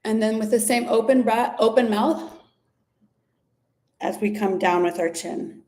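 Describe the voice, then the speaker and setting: A woman guides listeners through an ear massage and slow breathing. She talks gently and without hurry, step by step. Now and then she stops to search for a word. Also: fairly high pitch. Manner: gentle and unhurried, with fillers and restarts. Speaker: somatic practice instructor. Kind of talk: guided body practice instruction.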